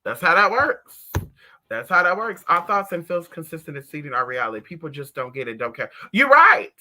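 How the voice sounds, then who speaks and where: A woman talks casually and sassily to her viewers from home. Her voice leaps up and down with lively swings, and its tone is bright and sharp. She sounds slangy and animated. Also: deep voice, a little fast. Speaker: spiritual reader and streamer. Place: at home indoors.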